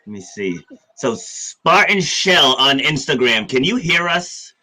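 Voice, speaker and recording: A man's voice: medium pitch, big pitch swings, measured pace, sharp tone, poor audio. A man in his fifties hosting a live-streamed interview in an easygoing way. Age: 50s. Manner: easygoing, laughs it off. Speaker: podcast host.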